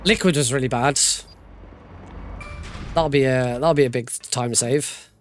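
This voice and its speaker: A man's voice: medium pitch, measured pace, a little hiss or hum. A man giving casual, joking live commentary while playing through a video game speedrun. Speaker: speedrunner streamer. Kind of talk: live commentary over gameplay.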